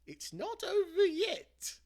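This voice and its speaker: A man voicing a warm, cheeky elderly grandmother in a storybook read-aloud, mostly in a high whisper. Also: huge pitch swings, slow, creaky, exaggerated voice.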